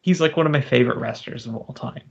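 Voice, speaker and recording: A man's voice: medium pitch, quick pace, gravelly, husky. A man from Ireland with an Irish accent, hosting a podcast in casual, rambling chat full of fillers and restarts. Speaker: podcast host. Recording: dull lo-fi podcast audio.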